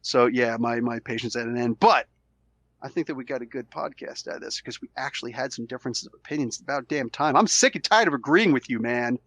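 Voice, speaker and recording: A man hosting a podcast while sick with a cold, arguing his side in a casual, animated way and acting out quotes. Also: mid-range voice, fast. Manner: animated, argumentative, acts out quotes. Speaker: podcast host. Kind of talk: casual debate chat.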